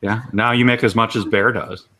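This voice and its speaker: A man's voice: fairly low pitch, steady tone, normal speed, bright, forceful tone. A man in casual chat making dry, wry remarks. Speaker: podcast panelist.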